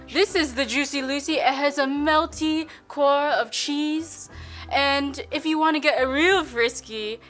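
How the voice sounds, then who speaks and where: Woman playing a 1950s Minnesota housewife, Minnesota accent, high sweet voice, slow prim delivery, faint music behind. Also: a bit bright. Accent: put-on old-fashioned Minnesota. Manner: sweet, prim, folksy, with coy innuendo. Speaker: cooking show presenter in character. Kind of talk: comic character cooking demo.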